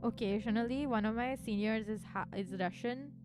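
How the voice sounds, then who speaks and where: A woman's voice: fairly high pitch, normal speed. A young adult woman streamer chatting casually with viewers, rambling and peppering her talk with "like". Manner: rambling, chatty, full of "like" fillers. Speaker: virtual streamer. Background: music.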